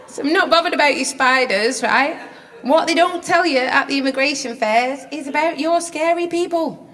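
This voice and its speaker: A woman from Rochdale with a Northern English accent performs a brash, sweary, self-mocking stand-up set to a live audience at a comedy venue. Her voice sits high, she speaks at normal speed, and there's background noise.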